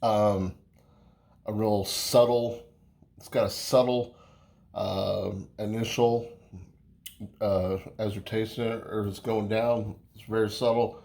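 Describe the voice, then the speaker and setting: A man's voice: fairly low pitch, steady tone, takes it slowly, gravelly, long pauses, a little mellow. A man casually reviewing a beer on camera, talking in a rambling, folksy way with many fillers and restarts. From United States.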